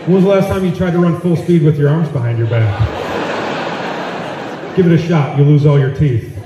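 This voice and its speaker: A man's voice: fairly high pitch, fairly quick, heavy background noise. A man doing stand-up comedy in a large auditorium with a brash, profane, punchy delivery, captured on a phone in the audience. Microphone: phone recording from the audience area. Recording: echoey hall from far off. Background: audience laughter.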